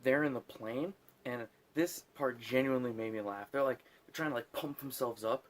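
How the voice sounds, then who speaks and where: In a medium-pitched voice at normal speed, a drunk man runs through a laid-back movie recap, rambling along, swearing, and laughing at his own jokes.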